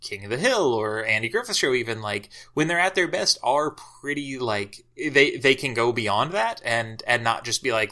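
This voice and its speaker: A man's voice: medium pitch, lively intonation, moderate pace, few pauses, pushed and bright. A man on a podcast as a guest, talking things through in a hesitant, reflective way full of filler words. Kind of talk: casual discussion.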